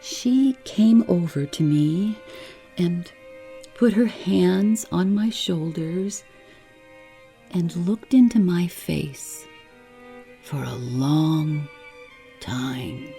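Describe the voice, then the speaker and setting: Low, slow, husky woman storyteller. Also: faint music behind. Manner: soft, slow and soothing. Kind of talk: bedtime story reading.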